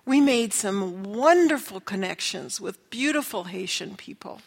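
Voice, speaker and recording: Slow-talking woman telling a testimony. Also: mid-range voice, expressive, vocal fry. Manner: earnest, acts out quoted voices. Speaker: speaker sharing a testimony. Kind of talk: storytelling testimony. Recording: long hall reverb.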